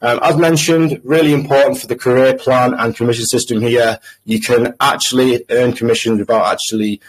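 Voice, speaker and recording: Husky Manchester man, halting sales pitch. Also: fairly even intonation, poor audio. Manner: hesitant, many ums and uhs, restarts. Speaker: crypto trader presenting to investors. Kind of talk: screen-share voice chat presentation.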